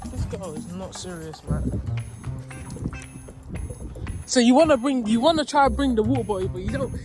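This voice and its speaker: A woman's voice: fairly high pitch, animated, normal speed. Chatty young London woman, music underneath. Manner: chatty slang-heavy, laughing nervously. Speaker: vlogger. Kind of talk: casual vlog chat. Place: outdoors at a park with dogs. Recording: background music over voice.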